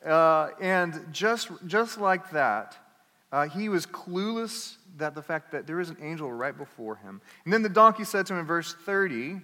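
A man preaching a sermon as pastor, telling a story in an animated way and acting out the characters. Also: fairly high pitch, normal speed, big-room sound. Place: church.

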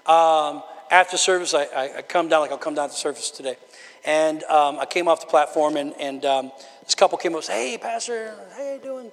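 A man preaches to his congregation in an easy, storytelling way, now and then climbing into loud exhortations. His voice sits high for a man. The sound rings with the long reverb of a church hall. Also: steady tone, a little fast. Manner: conversational preaching with rising shouted bursts. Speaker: pastor. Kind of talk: sermon. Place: church sanctuary.

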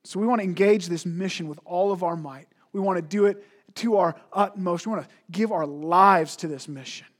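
A man delivers a sermon in a fairly high, husky voice. He preaches emphatically, firing rhetorical questions and often stumbling over repeated words as he pushes his point. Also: moderate pace, few pauses. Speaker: pastor.

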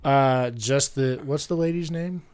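A man's voice: mid-range voice, unhurried, darkish tone, smooth. A man co-hosting a podcast, chatting casually with laid-back, short reactions. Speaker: podcast co-host. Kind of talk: casual chat.

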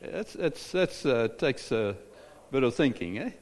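A man's voice: mid-range voice, big pitch swings, a little slow, darkish tone, in a large hall. A South African man preaching a sermon as a pastor, asking rhetorical questions and often repeating his words.

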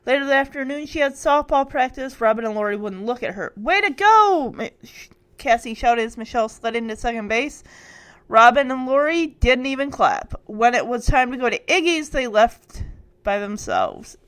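A woman's voice: a little high, expressive, normal speed, fairly bright tone. A woman reading a children's book aloud, adding chatty, playful comments. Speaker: reader.

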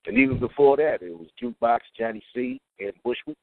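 A laid-back DJ from Trenton, New Jersey, chats casually as an interview guest over a tinny, dry phone line with no room sound. His medium-pitched voice is expressive and brisk, and he often drops "you know what I'm saying" and "man."

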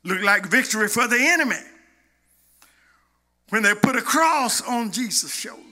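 A man a gospel sermon, shouting and half-singing his lines in a call-and-response cadence. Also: high-pitched, animated, moderate pace, long pauses. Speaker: preacher.

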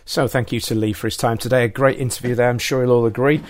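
A man's voice: mid-range voice, fairly even intonation, fast. A man hosting a podcast, chatting casually and encouragingly with his guest and listeners. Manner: upbeat, encouraging. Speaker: podcast host. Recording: dry close sound.

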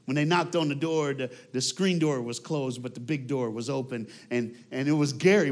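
A man giving a storytelling speech, animated and talking straight to his audience. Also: medium pitch, normal speed, few pauses. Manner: animated, talks straight to the crowd.

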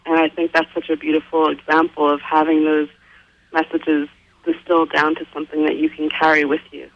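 A woman's voice: deep voice, monotone, a little fast, dull audio, a little hiss or hum. A woman speaking as a guest in a radio interview, talking in an earnest, reflective way.

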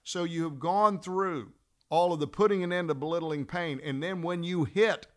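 Guy teaching lawyers, acts out little scenes, slows down on the big words, voice a bit high. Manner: acts out dialogue in a lively storytelling way. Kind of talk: storytelling lecture.

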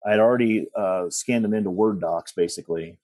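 A man's voice: on the low side, fairly quick, darkish tone, no room sound. A middle-aged man telling personal stories as a guest, rambling with restarts and asides. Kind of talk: personal storytelling in conversation.

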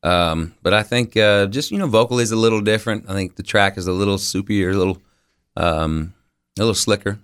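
Radio guest: man, 30s, low voice, easygoing storyteller, lots of ums and laughs. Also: brisk, a bit bright, smooth. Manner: laid-back storytelling, laughs often, many fillers. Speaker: country singer guest. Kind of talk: radio interview.

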